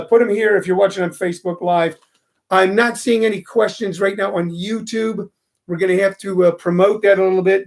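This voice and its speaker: Gravelly high-voiced man hosting a live stream. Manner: loose, rambling, greets viewers by name. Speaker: host. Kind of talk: live-stream chat with viewers.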